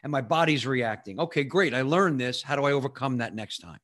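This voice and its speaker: A man's voice: medium pitch, expressive, a little fast, fairly bright tone. A man hosting a podcast, reflecting aloud in a casual, rambling way with many fillers. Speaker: podcast host. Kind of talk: casual interview conversation.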